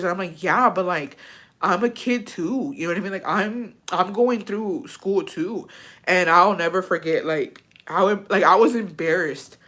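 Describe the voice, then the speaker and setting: A woman's voice: lowish voice, normal speed, a bit bright. A young woman casually telling a personal story, swearing often and getting emotional. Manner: profane, emotional, tearful at times. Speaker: vlogger.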